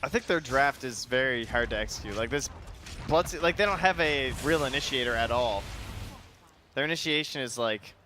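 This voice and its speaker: A man with a bright, forceful voice breaks down a live esports match. He reasons aloud about picks and item choices, weighing options with small hedges. A faint noise sits underneath. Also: mid-range voice, lively intonation, moderate pace. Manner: analytical, thinks aloud with hedges. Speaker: esports analyst commentator. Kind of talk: analytical game commentary.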